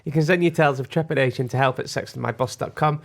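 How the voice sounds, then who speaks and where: A man's voice: medium pitch, creaky. Chatty man co-hosting a podcast. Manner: chatty, quick storytelling with restarts. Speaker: podcast co-host. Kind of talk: casual podcast banter.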